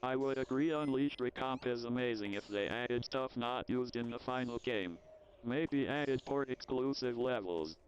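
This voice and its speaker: A male text-to-speech voice reading viewer chat messages aloud in a flat, even delivery. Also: mid-range voice, normal speed, muffled recording, slight background noise.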